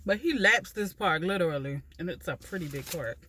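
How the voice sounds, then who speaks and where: A woman's voice: fairly low pitch, slight background noise. A woman from Philadelphia with a southern drawl, chatting casually between bites as she eats in her parked car at a park. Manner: chatty, slow and relaxed, talking between bites. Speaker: mukbang vlogger. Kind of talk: casual chat while eating.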